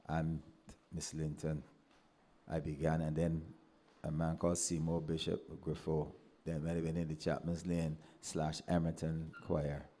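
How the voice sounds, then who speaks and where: A man with a Barbadian accent, a former pupil giving a speech at a ceremony, telling animated anecdotes and acting out the voices he quotes. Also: sits low. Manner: animated storyteller who acts out quoted voices.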